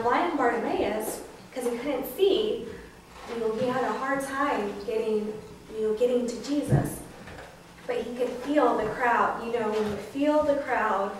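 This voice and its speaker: A young woman student teacher telling a Bible story to first graders, animated, acting out voices and prompting the children. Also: on the high side. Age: young adult. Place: school classroom. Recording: echoey room from far off with noise.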